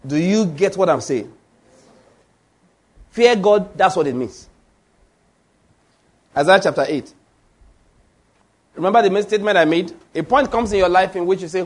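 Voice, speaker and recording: A male preacher delivers a sermon in a high voice. He presses each point hard and keeps turning to the congregation with questions. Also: moderate pace, long pauses. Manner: emphatic, with rhetorical questions to the congregation.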